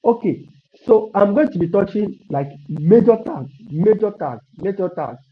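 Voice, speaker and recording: Male coding tutor, higher voice, repeats lines, cheers students on, muffled stream audio. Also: expressive, normal speed. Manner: repetitive, encouraging, thinks aloud while typing. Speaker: coding instructor. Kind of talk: live online coding lesson.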